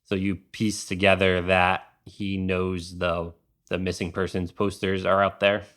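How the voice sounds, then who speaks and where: A man narrating a tabletop game as the game master, in calm and unhurried narration. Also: low voice.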